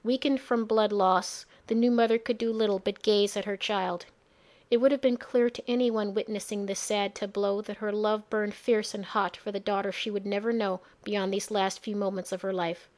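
A woman narrating a fantasy story in a measured storytelling manner. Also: medium pitch, steady tone, a little mellow.

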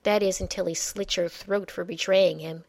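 A woman's voice: lowish voice, steady tone, moderate pace, a little mellow, no echo. Young elven princess read by a woman, bitter, reproachful, storybook reading. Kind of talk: audiobook narration.

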